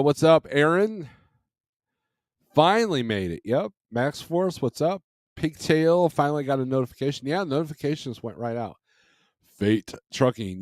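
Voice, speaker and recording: A man chats casually on a livestream from home, rambling easily and often chuckling as he speaks into a desk microphone. His voice sits in the mid-range. The recording is dry, with clean studio sound.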